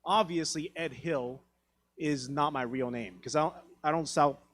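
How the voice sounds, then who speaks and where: A stand-up comedian in his thirties, originally from Taiwan, works a theatre crowd with profane, self-deprecating stories. He acts out the other people in his dialogue. His voice sits a little on the high side. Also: moderate pace, a bit bright. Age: 30s. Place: theatre stage.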